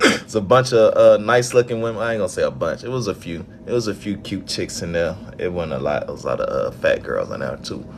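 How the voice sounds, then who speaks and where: A man's voice: low-pitched, expressive, fast talker, gravelly, background noise. A young man from Alabama with a Southern accent, venting in a casual vlog with frustrated laughs. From Birmingham, Alabama. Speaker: event organizer.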